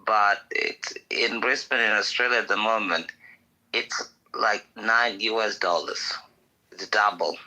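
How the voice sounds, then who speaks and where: A man's voice: lowish voice, fairly even intonation, a little slow, bright, forceful tone, poor audio. A man in a heated call-in discussion, ranting emphatically and swearing freely.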